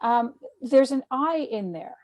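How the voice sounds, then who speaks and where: A woman's voice: sits high, expressive, takes it slowly, darkish tone. A woman asking questions in a language class, curious and hesitant, sounding out words. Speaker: student.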